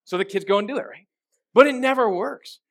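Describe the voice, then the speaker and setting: High-voiced man preaching conversationally. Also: fairly quick. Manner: conversational, asks the audience rhetorical questions. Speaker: pastor. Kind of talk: sermon.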